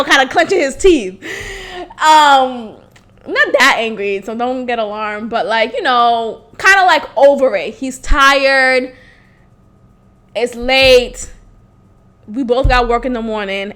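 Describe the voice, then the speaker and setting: A woman's voice: a little high, a bit bright. A young woman hosting a podcast, telling a candid story in a blunt, profane way and laughing often. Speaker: podcast host.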